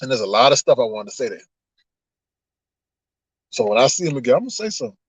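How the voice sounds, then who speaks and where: A man chatting casually on a livestream with his viewers, animated and laughing often as he drifts into preachy asides. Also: medium pitch, quick pace, slightly rough, no room sound, highs cut off. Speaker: online streamer.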